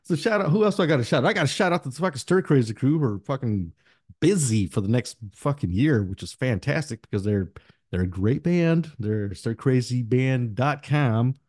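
A man hosting a podcast in casual chat, rambling through profane shout-outs. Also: mid-range voice, lively intonation, brisk, no echo, studio quality. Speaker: podcast host.

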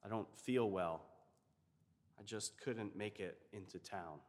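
A man voicing a weak, ill pregnant young woman who speaks quietly. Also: on the low side, takes it slowly, long reverb tail.

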